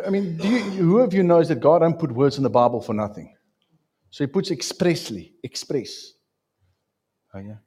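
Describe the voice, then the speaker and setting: A man's voice: a little high, a little mellow, slightly rough. A man preaching a sermon in an emphatic way, repeating phrases and asking his listeners questions.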